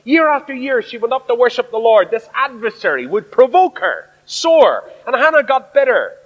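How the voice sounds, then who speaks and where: A man's voice: very high voice, very animated, moderate pace. A man preaching an earnest sermon at a Bible study, asking rhetorical questions. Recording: echoey hall, dull lo-fi sound.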